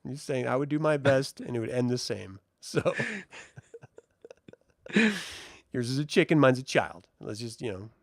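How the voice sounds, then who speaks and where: A woman's voice: a bass voice, normal speed, gravelly, long pauses, no room sound. A woman co-host in a casual review chat, cursing freely and breaking into laughs as she retells what happened. Her voice is close and dry, with no room sound around it. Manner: profane, laughing, animated retelling.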